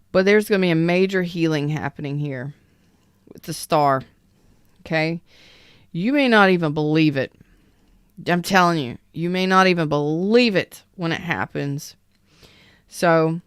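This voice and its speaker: Woman tarot reader, casual live chat, unhurried and kept low; smooth voice, dry close sound. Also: dry recording. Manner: keeps her voice low and soft. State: recovering from an illness.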